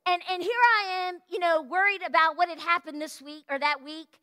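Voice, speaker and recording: High bright-voiced woman preaching. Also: a little fast. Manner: animated storytelling sermon, exclamations, sings snippets. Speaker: pastor. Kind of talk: sermon. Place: church sanctuary.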